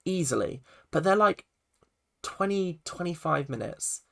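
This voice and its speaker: This young film and TV reviewer has a fairly high, sharp voice with vocal fry and lively intonation, delivered at a measured pace. He rambles through a casual TV episode review, full of "like" and self-corrections.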